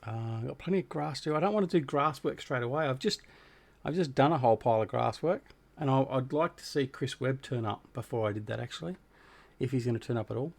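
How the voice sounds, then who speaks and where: A man's voice: medium pitch, fast talker, creaky, darkish tone. An Australian man chatting casually with viewers while hosting a gaming livestream, greeting people by name and joking about himself. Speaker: livestream host.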